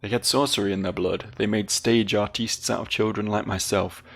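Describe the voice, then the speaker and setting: A man's voice: lowish voice, fairly even intonation, normal speed, gravelly, a bit bright. A British man voicing a theatrical woman, a fallen caravan singer, reading her lines in a dramatic, mournful way.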